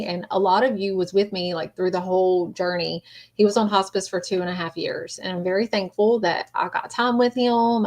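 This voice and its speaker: A woman talks straight to her livestream viewers through a phone or webcam. Her speech is halting and rambling, with many fillers, and her voice sits in a middle range. She sounds emotional and close to tears. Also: mid-range voice. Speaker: livestream host. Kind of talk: casual livestream chat.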